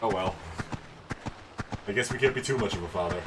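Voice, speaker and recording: A man's voice: lowish voice, a little fast, background noise. A man streaming a video game, joking and exasperated as he plays along with a friend. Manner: playful, exasperated, jokey in-character asides. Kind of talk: casual gameplay chat. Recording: voice set back from mic. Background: game music.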